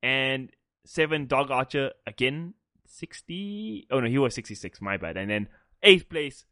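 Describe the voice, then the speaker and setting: A man's voice: mid-range voice, lively intonation, a little slow, sharp tone, no echo, clean studio sound. A man from South Africa co-hosting a casual esports podcast, joking and teasing himself. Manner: joking, self-mocking, swears. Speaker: podcast co-host.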